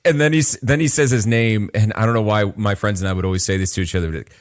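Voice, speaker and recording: A man co-hosting a casual podcast, talking in an animated way with stumbling restarts. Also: on the low side, quick pace. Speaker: podcast co-host. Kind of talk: casual chat.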